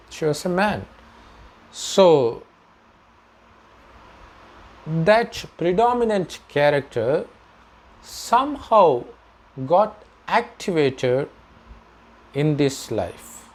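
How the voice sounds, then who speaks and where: Slow, measured male spiritual teacher. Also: on the high side, darkish tone. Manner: slow, measured explaining with pauses. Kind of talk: spiritual talk to camera.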